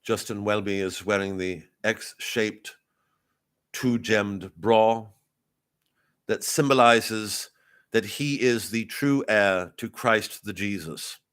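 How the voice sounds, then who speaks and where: A man riffing as a pompous royal correspondent in a rambling, deadpan, improvised satirical live commentary. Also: fairly low pitch, slow. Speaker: comedian in character as a royal correspondent.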